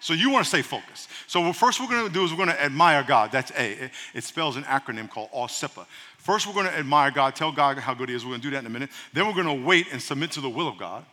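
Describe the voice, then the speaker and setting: A pastor preaching a sermon with humor and energy, calling on the congregation to answer back. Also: male voice, medium pitch, animated, fast, sharp tone. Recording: church hall reverb.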